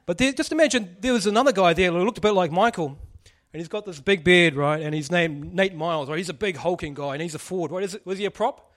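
A man's voice: high-pitched, fast, few pauses, fairly bright tone. A man preaching a casual sermon, joking and putting questions to the congregation. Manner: chatty, jokey, asks the audience questions.

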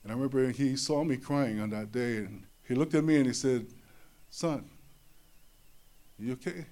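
Man telling an emotional personal story. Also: a little fast. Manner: animated, repeats words, voice drops low and soft in tender moments. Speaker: speaker sharing a personal testimony.

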